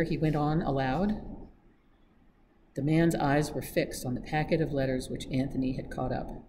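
A woman reads a novel aloud in a steady, even manner. Her voice sits low. A clear hiss of noise runs beneath the reading. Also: normal speed, poor audio. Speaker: staff reader.

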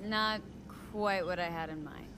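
An actress voicing a blunt, wry young female mercenary in a video game, speaking in a low, clipped way. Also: a little slow, close to an everyday voice. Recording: game audio under noise.

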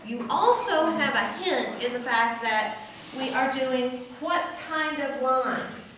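A woman's voice: high-pitched, expressive, slow. A woman teacher lecturing a class, often checking in with "okay?". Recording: echoey classroom from far off, noisy.

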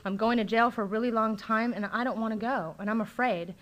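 A woman's voice: fairly high pitch, fairly even intonation, fairly quick, fairly bright tone. A middle-aged woman speaking at a recovery meeting, telling her personal story candidly and conversationally, with frequent ums and likes. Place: meeting room, live talk recording.

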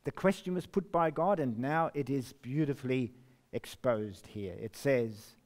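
A man preaching a sermon, reading scripture slowly and emphatically, with sudden rises and drops in his voice. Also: medium pitch, a little mellow. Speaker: pastor.

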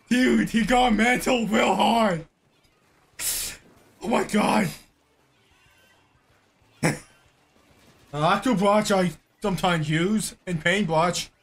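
A man hosting a reaction video, loud and exclamatory, swearing often. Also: high-pitched, drawn-out words, vocal fry, long pauses. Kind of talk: excitable reaction commentary.

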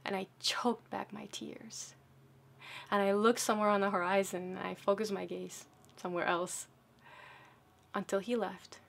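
A woman telling a personal story as a speech, dramatic, dropping from loud bursts to hushed, near-whispered moments. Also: mid-range voice, level tone, moderate pace, vocal fry.

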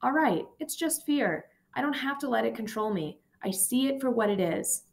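A woman voicing a gentle, frail old man near death, speaking softly, slowly and calmly. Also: on the high side, creaky. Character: frail dying old male professor, gentle.

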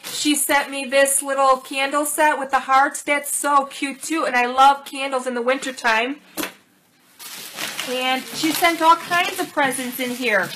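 A middle-aged woman talks through a casual unboxing vlog, her voice bright and a touch high. She gushes over each small gift and thanks her viewers warmly. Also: fairly even intonation, unhurried, slight background noise, poor audio. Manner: gushing, warm thanks over small gifts. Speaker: channel host.

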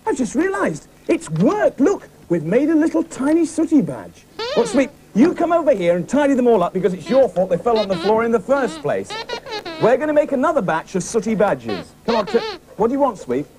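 A man presenting a children's puppet show, chatting excitedly with the puppets. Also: very high voice, brisk.

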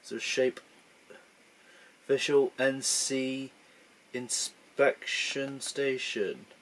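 A man's voice: mid-range voice, steady tone, slow, fairly bright tone. A young man thinking aloud in casual gameplay commentary, rambling and poking fun at himself. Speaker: gaming channel host.

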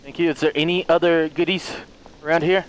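A man giving let's play commentary on a horror game, excitable, yelping and taunting the enemy. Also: fairly high pitch, brisk, slight background noise. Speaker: gamer playing a horror game.

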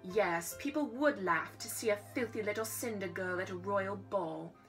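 A woman reading aloud and voicing a proud, ill-natured young stepsister who speaks scornfully and loudly. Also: mid-range voice, normal speed, faint music behind, natural voice.

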